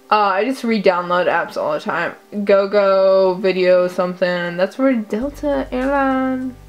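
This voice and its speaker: A young woman vlogging casually, goofy and chatty, often laughing at herself. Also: mid-range voice. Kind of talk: casual chat.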